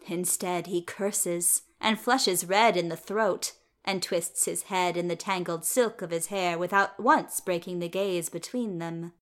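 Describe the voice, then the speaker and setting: A woman reading fiction aloud in a measured, unhurried storytelling manner. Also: on the low side, fairly even intonation. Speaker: reader.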